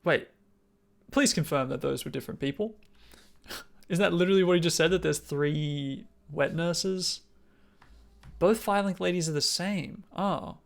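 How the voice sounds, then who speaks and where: Gravelly Australian man streaming. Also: fairly high pitch, moderate pace, long pauses. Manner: chatty, swearing, thinking out loud, reacting to a video. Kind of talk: casual live-stream chat.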